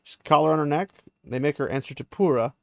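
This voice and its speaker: A man's voice: a little high, quick pace, vocal fry, no echo. A man paraphrasing the lines of a grim, resigned young captive woman, in a voice close to his own.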